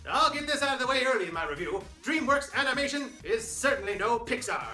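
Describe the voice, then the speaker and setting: Guy doing a snarky movie review, bright voice, echoey room with music under it. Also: very high-pitched, animated, fast. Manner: wry, sarcastic asides. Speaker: film reviewer host. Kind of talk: scripted film review.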